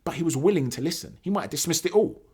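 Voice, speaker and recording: A man hosting his own boxing channel, talking through his views in a casual, animated monologue with fillers and self-corrections. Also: on the high side, racing, slightly rough.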